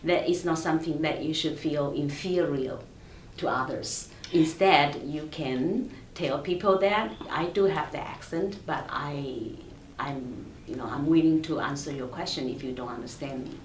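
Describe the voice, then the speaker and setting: A woman professor with a non-native English accent, speaking on a panel in a soft, measured way with many fillers. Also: low voice. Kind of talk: panel discussion. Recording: roomy, distant, faint room noise.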